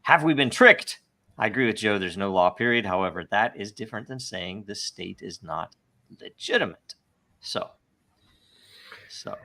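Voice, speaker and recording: A man's voice: on the low side, animated, moderate pace, long pauses, pushed and bright. A man hosting a podcast, reading listener questions and giving emphatic, rambling opinions, often laughing. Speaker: podcast host. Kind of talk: casual podcast discussion.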